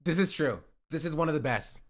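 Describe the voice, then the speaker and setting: A man's voice: on the high side, fairly quick. A man casually commenting on a live stream, chatty and laughing often. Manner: chatty, laughs often, breaks into excited shouts. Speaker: streamer reacting to rap clips.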